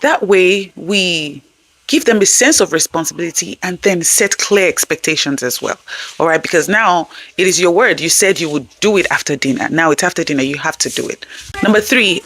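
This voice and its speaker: A woman's voice: fairly low pitch, lively intonation, normal speed, fairly bright tone. Woman, parenting host, earnest, conversational advice, frequent check-ins. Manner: earnest, checks in often with "okay?". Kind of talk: conversational parenting tips to camera.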